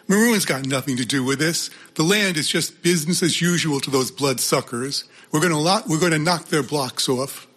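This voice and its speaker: A man's voice: on the high side, normal speed, few pauses, fairly bright tone, breathy edge, pitched above the performer's own voice. A man reading aloud as a curt, defiant old man who brushes off danger. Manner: curt, dismissive.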